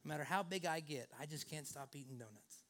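A man's voice: on the high side, quick pace, fairly bright tone. A male pastor preaching a sermon in an earnest way, leaning often on the word "actually".

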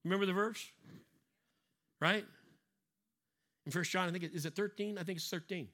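A man's voice: high voice, steady tone, normal speed, pushed and bright. A middle-aged man preaching a sermon in a conversational way, acting out little scenes and repeating key lines for emphasis. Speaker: pastor.

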